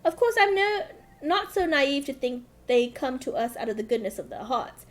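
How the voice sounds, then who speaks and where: A woman's voice: high voice, very animated, normal speed. Woman doing a young scholar guy, formal and careful, old-timey phrasing. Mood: earnest. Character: earnest young male scholar-diplomat. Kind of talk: reading game dialogue aloud.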